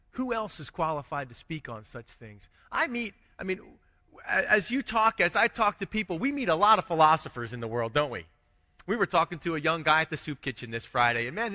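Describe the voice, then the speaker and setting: A man pastor delivers a sermon in a talky, questioning way. His voice sits high and sounds sharp and bright. A long reverb from the church hall follows each phrase. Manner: conversational preaching, frequent restarts, rhetorical questions.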